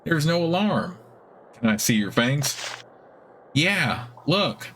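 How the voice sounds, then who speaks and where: A man voicing a simple, friendly giant spider with a squeaky, high-pitched voice, reading game dialogue. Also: sing-song, takes it slowly, a bit bright, a little hiss or hum, heavily acted. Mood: chirpy friendly. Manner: naive, chirpy, short simple sentences.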